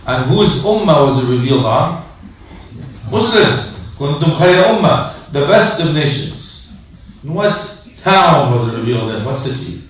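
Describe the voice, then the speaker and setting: A man giving a lively Ramadan sermon, asking the congregation questions and acting out people's excuses. He says he is losing his voice. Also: fairly high pitch, a little hiss or hum. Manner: asks the crowd questions and acts out excuses in quick back-and-forth. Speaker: imam giving a talk. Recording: echoey hall, mic from a distance.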